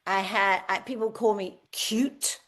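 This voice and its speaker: A woman in her seventies talking in a candid podcast interview. She tells her stories with life and slips into the voices of people she quotes. Her pitch sits in the middle for a woman. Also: measured pace. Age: 70s. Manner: lively storyteller, acts out quoted voices. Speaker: guest singer.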